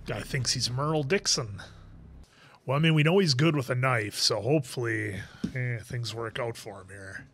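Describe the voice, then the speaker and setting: A man's voice: medium pitch, normal speed, a bit bright, slight background noise. A man hosting a movie reaction video, thinking aloud in a casual way with lots of gasps and asides.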